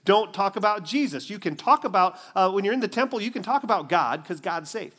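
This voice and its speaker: A man's voice: high voice, lively intonation, brisk, a bit bright, faint music behind, pitched above the performer's own voice. A man doing sneering, threatening temple leaders. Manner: mocking, sarcastic and bossy. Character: scornful male religious leaders, threatening.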